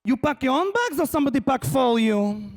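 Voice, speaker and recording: A brusque, suspicious Israeli airport security woman grills travelers in clipped, broken English. She has an Israeli accent and sits high in pitch, put on by a male comedian. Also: sing-song, a little fast.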